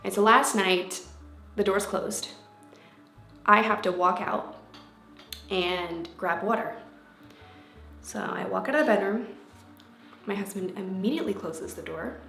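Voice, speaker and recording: A woman vlogger telling a personal story to camera in a casual, animated way, acting out what was said. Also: mid-range voice, takes it slowly, gravelly, long pauses. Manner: animated, acts out quotes in changing voices. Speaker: vlogger and life coach. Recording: echoey room with faint background music.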